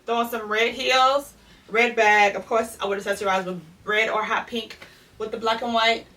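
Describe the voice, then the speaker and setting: Breathless, bright-voiced woman vlogger. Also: on the high side, steady tone, moderate pace, distant mic. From Louisiana. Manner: chatty, addresses viewers as y'all. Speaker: fashion vlogger. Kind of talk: casual try-on haul chat.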